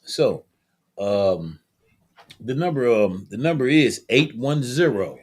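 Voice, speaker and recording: A man's voice: medium pitch, expressive, slow, darkish tone. Man hosting a call-in show, loose. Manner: loose, friendly with many fillers. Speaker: show host. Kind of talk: casual talk-show hosting.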